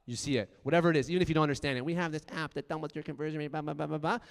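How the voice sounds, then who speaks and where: A man giving a profane, punchy motivational keynote talk, swinging from loud bursts to quiet asides. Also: fairly high pitch, level tone, rapid-fire, creaky, clear, resonant tone. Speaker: conference speaker. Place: large conference hall. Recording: long hall reverb.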